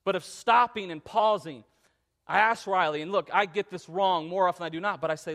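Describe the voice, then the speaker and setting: A man in his thirties preaching a sermon in an earnest, conversational way that climbs to loud emphatic passages. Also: high voice, brisk. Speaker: pastor.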